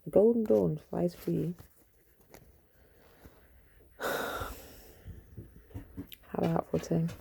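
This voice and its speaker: A woman's voice: fairly low pitch, drawn-out words, vocal fry, long pauses, mellow, slight background noise, poor audio. A woman chatting casually through a tarot reading, swearing, joking and talking to her dog. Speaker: tarot reader. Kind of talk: casual rambling tarot chat.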